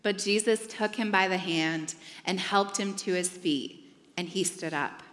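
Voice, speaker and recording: A woman's voice: on the low side, unhurried, a bit bright. A woman reading a scripture passage aloud in a church service. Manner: clear narrative reading. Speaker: scripture reader. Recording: long church reverb.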